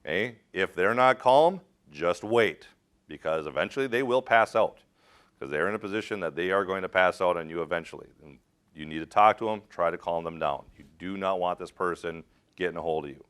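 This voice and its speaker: A man's voice: low-pitched, fairly quick, fairly bright tone, clean tone. A middle-aged man teaching a rope rescue class, direct and practical, quizzing his students as he demonstrates. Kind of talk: hands-on safety training talk.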